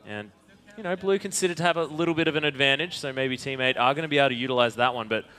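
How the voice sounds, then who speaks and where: A man giving color commentary on a video game match into a headset, reacting quickly and excitedly to the plays. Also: mid-range voice, clean tone. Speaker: esports caster.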